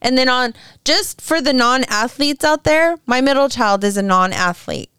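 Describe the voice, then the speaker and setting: Chatty mother with a bright, clear voice. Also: high voice, moderate pace, no echo, studio quality. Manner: rambling, laughs often, acts out her kids' lines. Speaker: podcast co-host. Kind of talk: casual chat.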